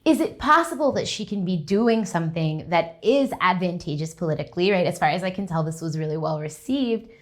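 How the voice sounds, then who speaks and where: Animated young woman lecturing on linguistics. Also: lowish voice, fairly quick, hardly any pauses. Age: young adult. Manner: lively, conversational, often checks in with "right?". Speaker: linguistics professor. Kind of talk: conference lecture.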